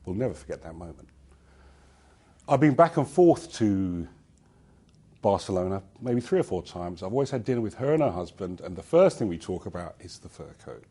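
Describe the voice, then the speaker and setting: A man tells a personal story from the stage in a low, warm, slightly husky voice. His delivery swings widely in pitch as he builds the tale. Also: normal speed. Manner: lively storyteller. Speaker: conference speaker. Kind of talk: personal anecdote in a talk.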